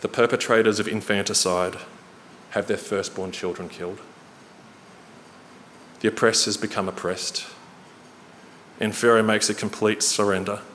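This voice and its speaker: Earnest low-voiced man preaching in hall. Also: steady tone, normal speed, pauses often, fairly bright tone. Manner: earnest, storytelling, varies pace for emphasis. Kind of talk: sermon. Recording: reverberant hall, faint noise.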